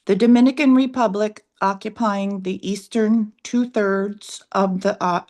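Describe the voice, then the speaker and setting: A woman's voice: mid-range voice, steady tone, a little slow, a little mellow. A woman reading a text aloud in a live online session, stumbling over names.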